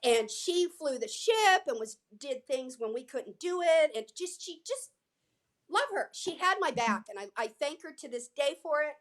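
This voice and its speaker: Older lady guest, high pitched, chatty, acts out quotes as she talks. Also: lively intonation, normal speed. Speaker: guest, former featured extra. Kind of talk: casual storytelling interview.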